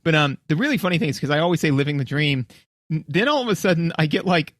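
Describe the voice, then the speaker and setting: A man's voice: a little high, animated, quick pace, fairly bright tone, no room sound, studio quality. A man co-hosting a casual podcast chat who tells stories playfully and does voices for people he quotes. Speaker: podcast co-host.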